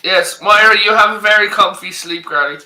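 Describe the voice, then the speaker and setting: A man with a high, strikingly bright voice tells lively anecdotes in casual chat. He swears casually. The room around him is echoey. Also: a little fast. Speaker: guest in a livestream hangout. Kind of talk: casual chat, animated storytelling.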